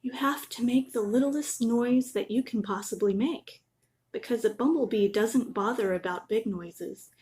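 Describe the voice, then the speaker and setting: A woman voicing a wise old male groundhog who calmly explains things in a storybook reading. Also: fairly high pitch, unhurried, lightly acted. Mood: kindly wise.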